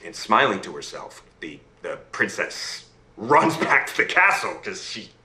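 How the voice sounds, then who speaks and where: A man on a video call telling a fairy tale aloud in a lively storytelling manner, checking in with his listener as he goes. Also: lowish voice, a little slow, reverberant, exaggerated voice.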